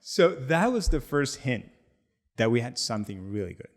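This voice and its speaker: A podcast co-host who founded a product tells a story in a casual way, his medium-pitched voice moving at a normal speed. He's animated and keeps laughing as he acts out the quotes.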